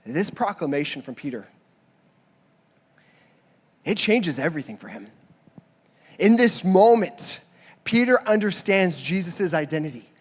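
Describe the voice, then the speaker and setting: A man preaching from the pulpit, his voice sitting high for a man. He tells stories animatedly, switching between voices in dialogue. The sound carries a long church-hall reverb. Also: unhurried, long pauses, slightly rough. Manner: animated storytelling, acting out both sides of a dialogue. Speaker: pastor. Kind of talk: sermon.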